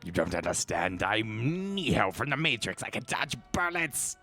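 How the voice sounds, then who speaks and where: A man voicing a cackling undead revenant woman who speaks with slow menace. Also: fairly low pitch, big pitch swings, sharp tone, faint music behind, heavily acted. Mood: menacing.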